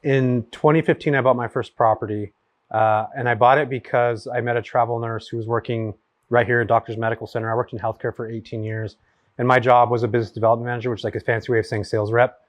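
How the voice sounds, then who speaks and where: A man in his forties from California tells stories in a relaxed, chatty way, piling up fillers as he goes. He talks very fast at a mid pitch. The sound is dry and close. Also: no echo. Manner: rapid, animated storyteller with many fillers. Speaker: guest, real estate investor. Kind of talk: casual storytelling chat. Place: his home.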